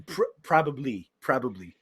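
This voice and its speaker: A man co-hosting a casual comedy podcast, rambling through animated banter and laughing often. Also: mid-range voice, normal speed, noisy background. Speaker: podcast co-host.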